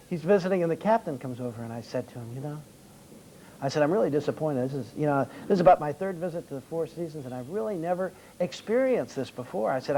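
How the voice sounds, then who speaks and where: High-voiced man telling a restaurant story. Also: slight background noise, rough recording. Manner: storytelling, acting out quoted dialogue. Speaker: seminar speaker on restaurant service. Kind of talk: lecture with anecdotes.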